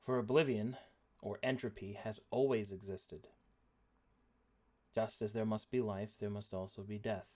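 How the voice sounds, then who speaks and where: A man acting as dungeon master, narrating a tabletop game in a slow, solemn way. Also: on the low side, fairly even intonation, darkish tone.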